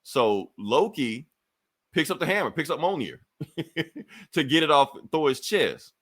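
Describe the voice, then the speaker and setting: A man's voice: a little high, sing-song, takes it slowly, fairly bright tone. Casual, profane man recapping comics. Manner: loose, profane storytelling with frequent laughs. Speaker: podcast co-host.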